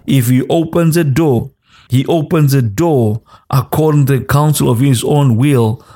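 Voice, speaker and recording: A man preaches in a slow, deliberate cadence, repeating short commands again and again. His pitch sits in an ordinary middle range and often lifts into a half-sung chant. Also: warm tone. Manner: repetitive exhortation, rising into sung cadence; speaks in tongues between exhortations. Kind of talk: sermon.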